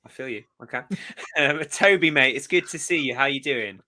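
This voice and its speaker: Bright-toned male host for a casual fan chat, upbeat and driving the questions. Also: medium pitch, moderate pace. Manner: upbeat, leads the talk with questions. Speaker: podcast host.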